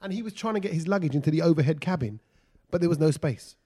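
A man co-hosting a casual chat, telling stories quickly and acting out the people he quotes. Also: a little high, husky. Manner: fast, animated storyteller who acts out quotes. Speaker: podcast co-host.

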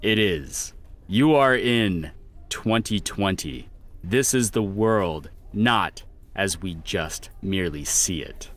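A man playing a solemn rebel mentor in a comedy sketch, with a grave, measured delivery. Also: deep voice, lively intonation, a bit bright, pitched below the performer's own voice, heavily acted. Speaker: sketch performer.

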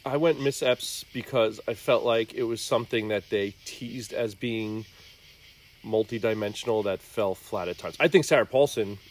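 A man on a movie review podcast panel, giving measured, thoughtful critique. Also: fairly low pitch. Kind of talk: casual movie review chat.

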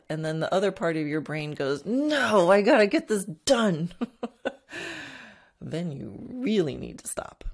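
A woman horse trainer talking to her students in a reflective, teaching way, with soft laughs and restarts. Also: fairly low pitch. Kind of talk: teaching talk.

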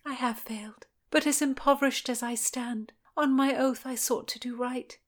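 A woman reading an audiobook, voicing a young gentlewoman prisoner who pleads her innocence earnestly. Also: high voice, steady tone, voice pushed up. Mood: pleading. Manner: pleading, quick to protest innocence.

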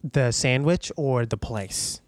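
A man, a guest who does voiceover work, chatting casually on a podcast with dry, dark humor. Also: medium pitch, slow pace, no room sound. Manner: dry, dark joking with voice-switching asides.

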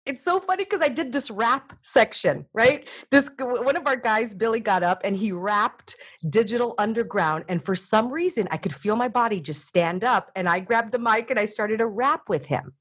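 A woman talking as an interview guest, energetic and coaching, often slipping into little acted-out voices. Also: fairly high pitch, moderate pace, slightly rough. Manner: energetic, acts out voices in quotes. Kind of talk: animated interview talk.

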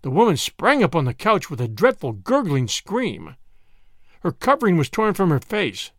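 Expressive male story narrator. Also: a little high, normal speed, no echo, clean studio sound. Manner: expressive, dramatic reading.

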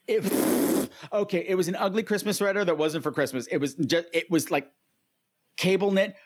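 A podcast co-host chatting casually about a TV episode, often acting out characters' lines. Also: female voice, on the low side, moderate pace, a little mellow, breathy edge. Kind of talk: casual chat recapping a TV episode.

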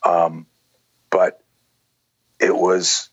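A low, husky-voiced man in his sixties talks through a story in loose, rambling fashion, leaning on "you know" and "like" as he goes. The recording is dry and a little muffled. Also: monotone, drawn-out words, no echo. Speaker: self-defense instructor, guest. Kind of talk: conversational storytelling.

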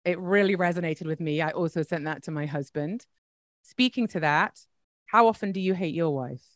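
A woman's voice: on the low side, moderate pace, no room sound. Woman interview host, dry close recording, reflective and supportive. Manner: affirming, reflective, restates the guest's points. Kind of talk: casual interview talk.

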